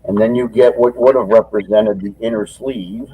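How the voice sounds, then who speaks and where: A man's voice: on the low side, fairly even intonation, moderate pace, breathy edge, no echo, narrow, tinny audio. A man from Michigan on a video call, rambling enthusiastically through a show-and-tell of a collector's item and getting short of breath when he talks long. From Michigan, United States. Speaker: collector sharing items. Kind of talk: casual video chat.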